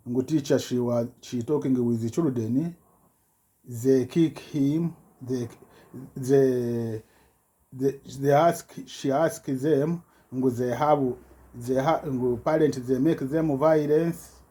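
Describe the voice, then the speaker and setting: Slow halting man in broken English. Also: mid-range voice, mellow. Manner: halting broken English, many restarts and repetitions. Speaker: self-recorded complainant. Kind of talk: rambling personal account.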